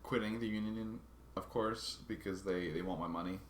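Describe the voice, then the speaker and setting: Low-voiced man, halting vlog storytelling. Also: steady tone, echoey room, a little hiss or hum. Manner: halting, restarts and repeats words while recounting a grievance. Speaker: vlogger.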